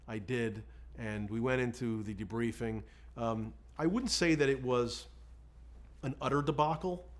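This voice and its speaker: Man, lawyer, interview, frank, self-deprecating, recounts dialogue. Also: mid-range voice. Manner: candid, self-deprecating, quotes himself and others. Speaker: defense lawyer. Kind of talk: storytelling in an interview.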